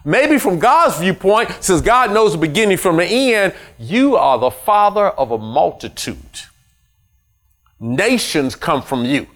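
A pastor preaches to his church in an animated style, slipping into other people's voices to make his point. His voice sits a little high for a man. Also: unhurried. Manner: animated, acts out the congregation's voices. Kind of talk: sermon.

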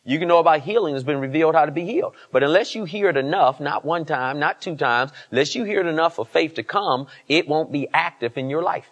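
A man's voice: a little high, lively intonation, fast, few pauses, dull audio. Man, pastor, church sermon, emphatic call-and-response preaching. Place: church service.

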